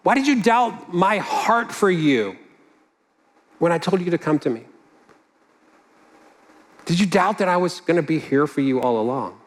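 A man voicing a gentle, compassionate male teacher who asks a friend tender, searching questions. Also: fairly high pitch, animated, a little slow, pauses often, in a large hall.

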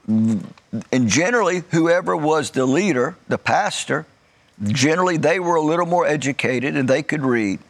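A man preaching a sermon in a measured way, stretching out key words for emphasis and adding light joking asides. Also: medium pitch. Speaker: pastor.

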